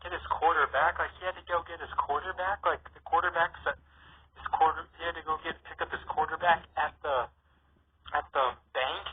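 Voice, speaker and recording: A man's voice: fairly high pitch, fairly even intonation, brisk, slightly rough, pitched above the performer's own voice. A man voicing a joke-loving teenage girl comedian who over-explains her puns, in a toy play story. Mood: explaining. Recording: tinny phone-like lo-fi.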